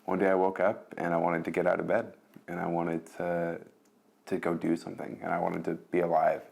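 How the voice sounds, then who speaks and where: A young man in his twenties, soft and reflective, interviewed at home. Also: deep voice, level tone, fairly quick, vocal fry. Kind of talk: recorded news interview. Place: home, indoors. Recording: faint music bed underneath.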